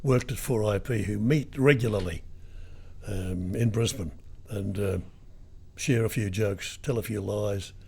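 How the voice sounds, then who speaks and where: A man's voice: on the low side, a little slow, creaky, dark tone, breathy edge. An older Australian man, a retired radio broadcaster, telling rambling anecdotes in an interview. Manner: rambling storyteller, lots of ums and restarts.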